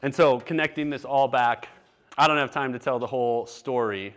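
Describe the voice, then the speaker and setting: A man's voice: medium pitch, moderate pace, a bit bright. A man preaching a sermon, telling a candid personal story in a conversational way. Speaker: pastor.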